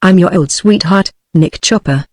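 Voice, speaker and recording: A text-to-speech woman with a British accent voicing an earnest man made of tin in a storybook, in an even synthetic voice. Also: lowish voice, normal speed, no room sound, studio quality, lightly acted. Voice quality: smooth synthetic reading voice.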